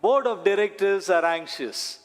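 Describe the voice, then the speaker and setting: A man, a priest, preaching a sermon slowly and deliberately, with dramatic pauses and repetition. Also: high voice. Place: church. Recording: long church reverb.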